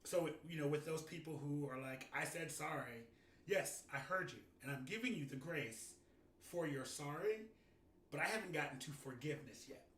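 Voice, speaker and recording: Bright-voiced man, distant and echoey. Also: on the high side, animated, moderate pace. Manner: reflective, restarts often, laughs into his points. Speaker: podcast co-host. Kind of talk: casual chat.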